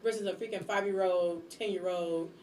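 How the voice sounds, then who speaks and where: A young woman chatting casually on a podcast about her jobs, blunt and animated, sometimes acting out how she scolds people. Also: lowish voice, moderate pace, roomy sound, far from the mic, slight background noise, low-quality recording. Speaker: guest, substitute teacher and airport worker.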